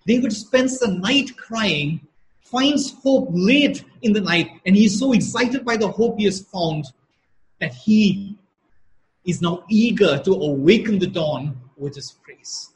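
A man preaching a sermon at a slow, emphatic pace, repeating key phrases for weight. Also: high voice, lively intonation, a little hiss or hum, low-quality recording. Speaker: pastor.

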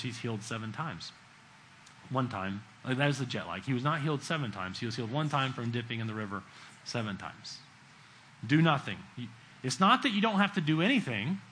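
A middle-aged man delivers a sermon in a bright, forceful voice that sits a little high for a man. He talks to the congregation conversationally, acts out the people in his story, and drops to a hush for emphasis. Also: low-quality recording. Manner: conversational preaching, acts out quotes, swings between loud and hushed. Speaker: preacher.

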